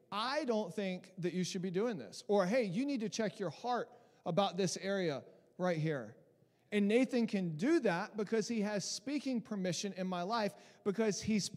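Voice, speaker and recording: A man's voice: sits high, big-room sound. A man preaching a sermon as a pastor, talking conversationally and animatedly, often restarting and mimicking other people's voices.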